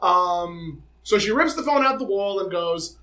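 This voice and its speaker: A young adult man co-hosting a podcast, telling a personal story in a dramatic, animated way in casual chat. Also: sits high, unhurried, rough recording. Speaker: podcast co-host.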